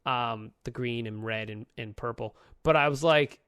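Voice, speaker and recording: A man of middle pitch talks through a story in a casual podcast, animated and profane, his voice jumping up and down. The sound is dry and close, with no room around it. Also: smooth, no echo. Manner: animated, profane retelling with quick pitch jumps. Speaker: podcast co-host.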